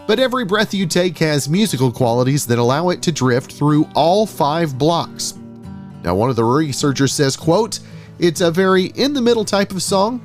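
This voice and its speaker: A man hosting a podcast. He reads a scripted intro and then interviews his guest, sometimes halting and repeating words as he checks his notes. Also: on the high side. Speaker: podcast host.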